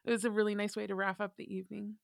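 A woman's voice: medium pitch, little pitch movement, rapid-fire, vocal fry, no echo, clean studio sound. A woman guest on a podcast, chatting enthusiastically. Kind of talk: casual chat.

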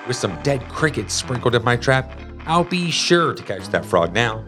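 A man's voice: mid-range voice, sing-song, normal speed, music in the background, close to an everyday voice. A man voicing a hesitant, anxious young boy, in an unsure way. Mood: hopeful.

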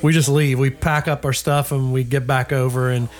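A man's voice: medium pitch, normal speed. An older man with grandchildren telling a travel story in a casual chat, acting out the voices of the people in it. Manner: animated storyteller acting out quoted dialogue.

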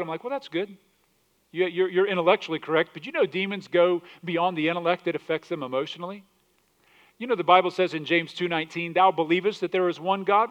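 A man's voice: sits high, brisk, lo-fi sound. A male pastor preaching a sermon, reading scripture aloud in old English and putting direct questions to his congregation.

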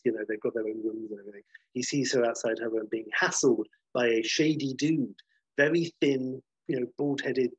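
Husky man, casual rambling storyteller, sweary, dull dry recording. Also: mid-range voice, no room sound. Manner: rambling, sweary, lots of fillers and restarts.

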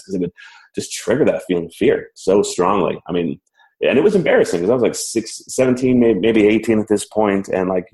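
Brief: low-voiced man, lively self-mocking storyteller, roomy echoey recording. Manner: animated, self-mocking, laughs while telling. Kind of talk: casual personal storytelling. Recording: roomy echo.

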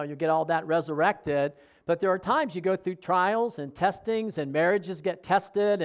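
A middle-aged man preaching a sermon, talking with his congregation and asking them questions. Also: high-pitched. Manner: conversational preaching with audience questions. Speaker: pastor.

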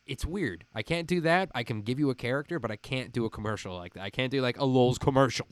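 A man with a faint Midwestern American accent chats as a podcast host, rambling and animated. His voice sits at an ordinary middle pitch. The sound is dry and close, with no room around it, as on a video call. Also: fast, no room sound. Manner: animated, rambling, laughs often. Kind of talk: casual chat.

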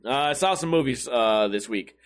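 A man hosting his own podcast, hoarse and with a failing voice, grumbling and cursing his way through a casual rant. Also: mid-range voice, lively intonation, normal speed. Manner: profane, grumbling, self-deprecating. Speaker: podcast host.

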